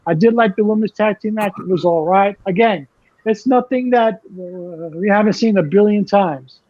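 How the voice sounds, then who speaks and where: A man's voice: sits high, normal speed, a little mellow, lo-fi sound. A man co-hosting a casual wrestling podcast, rambling and stammering with frequent laughs. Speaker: podcast co-host.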